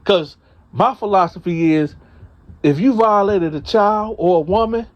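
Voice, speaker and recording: A man's voice: high voice, measured pace, highs cut off. Profane, emphatic male storyteller. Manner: profane, emphatic, addresses listeners as y'all. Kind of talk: casual storytelling to an audience.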